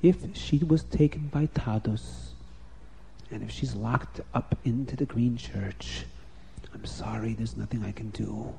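A man voicing a wise, kind elderly rabbi who speaks quietly and patiently. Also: mid-range voice, measured pace, vocal fry, a little hiss or hum, pitched below the performer's own voice. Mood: sorrowful. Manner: quiet, soft-spoken, patient.

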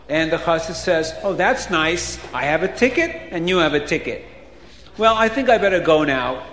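Animated male storyteller in echoey hall. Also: fairly high pitch, normal speed, a little hiss or hum. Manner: animated, acts out characters' voices. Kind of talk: children's storytelling. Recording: echoey hall with faint ambience.

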